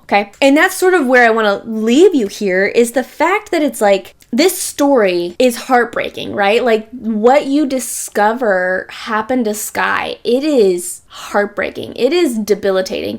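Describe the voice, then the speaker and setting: A young woman with a slightly high voice reviews a book in a relaxed monologue. She is animated and chatty, checking in with her listener as she goes. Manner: animated, chatty, peppers speech with "right?" and "like".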